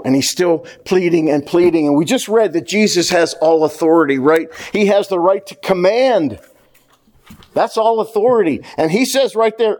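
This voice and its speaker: Lively, high-pitched preaching man. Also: moderate pace, long pauses. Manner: animated preaching, stressing repeated words. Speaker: pastor. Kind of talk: sermon.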